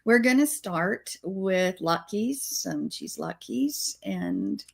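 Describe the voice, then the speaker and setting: A woman co-hosting a faith-based talk show, chatting in a relaxed, teasing way. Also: mid-range voice, extremely slow, vocal fry. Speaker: guest co-host. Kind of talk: casual chat.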